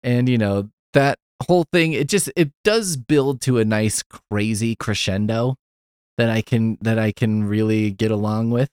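A man's voice: on the low side, unhurried, darkish tone, smooth, no echo, clean studio sound. A man hosting a podcast, giving a rambling, profane, wry casual review of a film. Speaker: podcast host.

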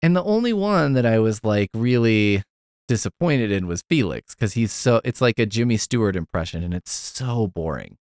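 A man's voice: on the low side, expressive, normal speed, darkish tone, no room sound, studio quality. A man hosting a podcast, giving a rambling, profane, wry casual review of a film. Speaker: podcast host.

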